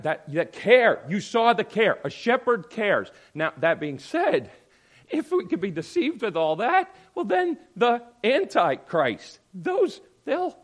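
A man pastor giving a conversational sermon, swinging between loud emphasis and quiet asides. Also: a little high.

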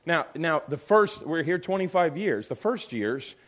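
A man's voice: on the high side, expressive, unhurried, a bit bright. A middle-aged man teaching a Sunday school class in an emphatic way, often acting out other people's voices.

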